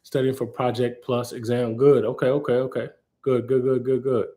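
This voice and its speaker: Animated, playful man on a livestream. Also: mid-range voice, normal speed. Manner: animated, playful, acts out scenes. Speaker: cloud architect hosting a live Q&A. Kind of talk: casual livestream talk. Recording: roomy echo.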